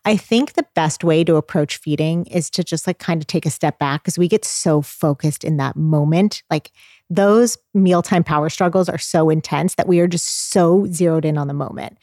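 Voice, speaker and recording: Woman in her thirties, lower voice, earnest explanatory tone, dry close sound. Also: normal speed, warm tone, dry recording. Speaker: child feeding expert guest. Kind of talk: casual advice chat.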